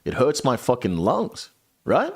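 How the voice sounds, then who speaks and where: A young man streamer telling a story in a casual way, animated and swearing a lot. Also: mid-range voice, measured pace, slightly rough, dry recording, studio quality.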